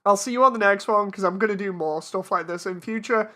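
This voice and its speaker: A woman's voice: mid-range voice, quick pace, sharp tone. A woman streamer in casual live-stream commentary, talking herself through a task and laughing at her own mistakes.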